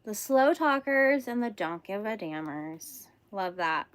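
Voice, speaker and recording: A woman's voice: medium pitch, animated, unhurried, dry recording. A young woman from California with a Californian accent, hosting a casual crochet livestream, chatting bubbly with viewers and laughing often. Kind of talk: casual live-stream chat with viewers.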